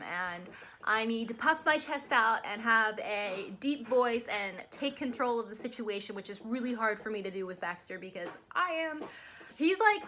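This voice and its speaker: Bright, chatty woman vlogger. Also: medium pitch, a little hiss or hum. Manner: chatty, rambling retelling with quoted dialogue. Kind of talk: casual storytelling vlog. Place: at home with her dogs nearby.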